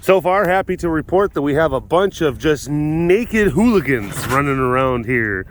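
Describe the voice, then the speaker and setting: A man's voice: on the high side, expressive, normal speed, a little hiss or hum. A man working as an animal caretaker, chatting casually as he walks the rounds outdoors and laughing often. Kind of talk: casual vlog walkthrough. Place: outdoor animal facility in winter.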